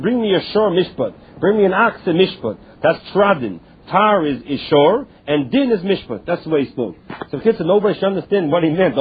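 A man teaching a text aloud, reading phrases and explaining them, often pausing and restarting his words. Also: sits high, a little hiss or hum. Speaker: Talmud teacher. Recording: lo-fi phone-like recording.

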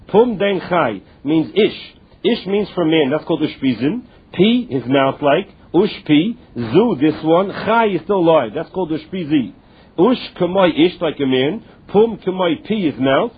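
Husky man teaching over lo-fi line. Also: high voice. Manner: halting, repeats words, restarts phrases. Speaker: Talmud teacher. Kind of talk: explaining a text with read-aloud and paraphrase. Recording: lo-fi phone-like recording.

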